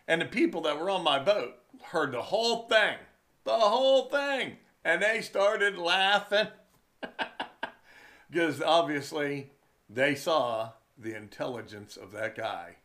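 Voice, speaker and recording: A man's voice: fairly high pitch, animated, sharp tone. A man who runs fishing charters, telling wry stories in a chatty, casual vlog from his den indoors. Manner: slow, chatty, wry storytelling.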